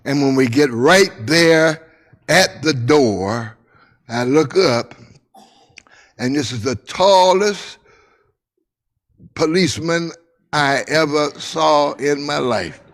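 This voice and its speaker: An older man shares an expressive memory from his childhood in a fairly high voice. Phrases recur, pauses land dramatically, and he quiets to a hush at the tender parts.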